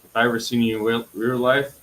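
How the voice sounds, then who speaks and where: A young Filipino man with a Filipino accent, calling into a live stream, angry and swearing, bursting into shouts. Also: medium pitch, level tone, fast, poor audio. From Philippines. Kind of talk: heated live stream call-in.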